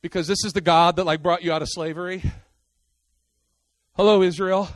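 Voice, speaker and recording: A man preaching a sermon in a high, bright voice. He jumps from loud outbursts to hushed asides and talks to the congregation as if chatting with friends. The sound is dry and close, with no room echo. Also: moderate pace. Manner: animated, swings between loud outbursts and quiet asides; casual, talks straight to the congregation.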